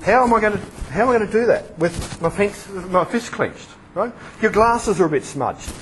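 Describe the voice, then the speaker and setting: Male preacher, high voice, lively sermon full of questions to the audience. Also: normal speed, a little hiss or hum, rough recording. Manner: lively, asks the audience questions and acts out examples.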